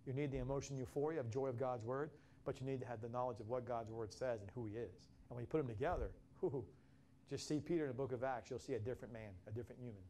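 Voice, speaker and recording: A man's voice: mid-range voice, quick pace, warm tone, slight background noise. A man preaching a sermon in an impassioned way, often restarting his phrases and acting out quotes. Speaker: pastor.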